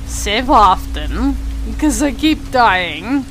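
A woman's voice: fairly high pitch, takes it slowly, soft background music, low-quality recording. A woman streaming a game live, chatting with viewers and yelping panicked no's. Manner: animated, chatty, yelps panicked repeated no's. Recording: steady rain noise behind the voice.

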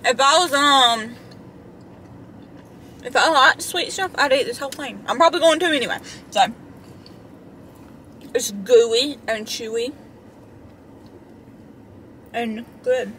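A young woman vlogs from her car while waiting in a drive-thru line, chatting casually and self-deprecatingly into a handheld camera held close, with plenty of fillers. Her voice sits high and a bit bright, and she speaks slowly with long pauses. There's a faint hiss or hum in the recording.

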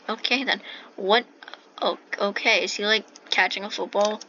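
A woman's voice: medium pitch, normal speed, bright, forceful tone. A woman hosting a gameplay video, reading the on-screen text aloud and asking puzzled questions about what she sees. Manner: reads game text aloud with puzzled remarks. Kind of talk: casual game commentary. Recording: dull lo-fi mic with faint hiss.

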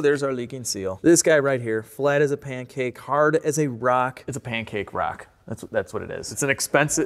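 An upbeat man talks through a repair job in a casual, joking way and breaks into excited whoops now and then. His voice sits at a middle pitch. The garage gives everything a long, ringing echo. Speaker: host and car mechanic. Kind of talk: casual repair vlog commentary. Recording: echoey garage reverb.

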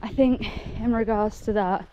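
Walking outdoors on a moorland trail, this breathless woman vlogs solo to her camera, chatting in a giddy, gushing way and laughing often. She speaks at a moderate pace in a steady, mid-range voice, recorded lo-fi with a bit of hiss or hum.

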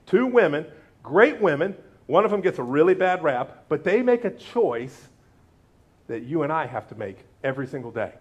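A man delivers a sermon as pastor, his voice sitting a little higher than most men's. He keeps it lively, trading jokes with the congregation, asking them questions and urging them to say lines back to him. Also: moderate pace, breathy edge, muffled recording. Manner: lively, joking banter with the congregation; asks the audience questions and urges them to repeat after him.

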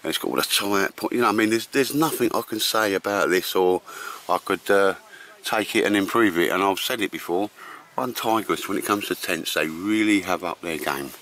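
A man's voice: sits low, a little fast, few pauses, fairly bright tone. A man giving a chatty, slangy camping vlog walkthrough at a campsite, often addressing the viewers as ladies and gents. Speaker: vlogger. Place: outdoors at a campsite.

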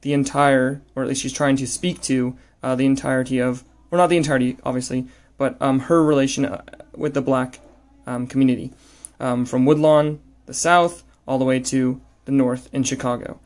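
A man's voice: medium pitch, steady tone, moderate pace, a little mellow. A man teaching a lesson on a poem, talking hesitantly with many fillers and restarts while he annotates it.

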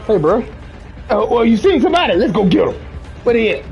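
A man gives loud, casual gaming commentary, his pitch jumping all over as he jokes and swears at his teammates. His voice comes through a slightly muffled recording. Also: very animated, fairly quick, creaky, pauses often, soft background music. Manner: loud joking trash talk, swearing. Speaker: gamer.

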